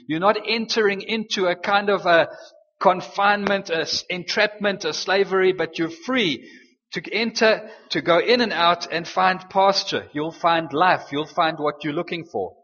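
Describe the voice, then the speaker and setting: A man preaching a sermon, slowing down and rising on key phrases for emphasis. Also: high voice, sharp tone. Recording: dull sound in a long-reverb hall.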